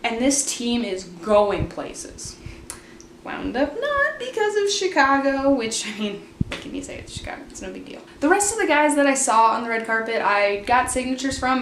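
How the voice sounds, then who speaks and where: A young woman telling a story in a casual, chatty way, with lots of fillers and quotes acted out in a higher voice. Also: roomy sound, a little hiss or hum. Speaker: vlogger.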